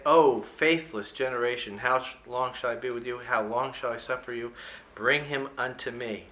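Folksy bright-voiced male preacher. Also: mid-range voice. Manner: folksy, joking asides between verses, chuckles often; slows down and stresses key scripture words. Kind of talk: sermon, reading and commenting on scripture.

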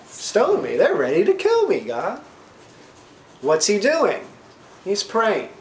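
A man preaching a sermon, reading scripture slowly and paraphrasing it, often asking the congregation "right?". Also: fairly high pitch, slight background noise. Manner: asks the congregation questions, frequent "right?". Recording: roomy echo, faint ambience.

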